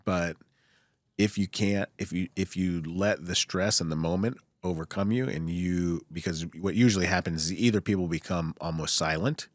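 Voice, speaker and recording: Deep-voiced calm male surgeon. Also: moderate pace, no echo, studio quality. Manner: calm, reflective, circling back to rephrase. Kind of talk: casual podcast chat.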